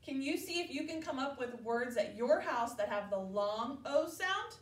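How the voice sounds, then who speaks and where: A woman teaching preschoolers, speaking slowly and carefully, stretching out letter sounds and leading call-and-response drills. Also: high voice, expressive. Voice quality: clear, exaggerated enunciation of sounds. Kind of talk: slow, deliberate classroom instruction to young children. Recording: echoey room, distant mic.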